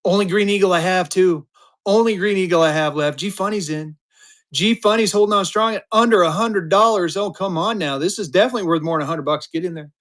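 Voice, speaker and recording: Chatty live-stream auction seller, man in his fifties, high-pitched, hypes every bid. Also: fairly quick, a bit bright. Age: 50s. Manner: chatty, upbeat, hypes the bids.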